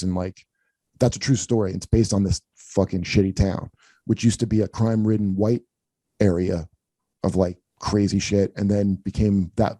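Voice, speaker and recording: This man hosts a comedy podcast, spinning long, profane stories in loose conversation and voicing the quotes himself. His voice sits lowish and sounds mellow, and the recording is dry.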